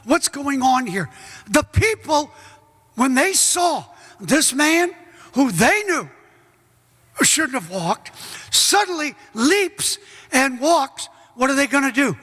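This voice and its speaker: A middle-aged man preaching a sermon as pastor, folksy and joking, bursting into shouts. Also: very high-pitched, very animated, slow, long pauses. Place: large church hall. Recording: echoey church hall.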